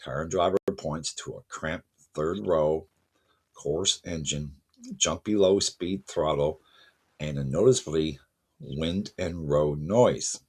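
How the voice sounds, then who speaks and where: Car channel host, man, very low husky voice, chatty and loose. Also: takes it slowly, a little mellow. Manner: conversational, self-correcting, addresses viewers as folks. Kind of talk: casual spoken commentary to camera.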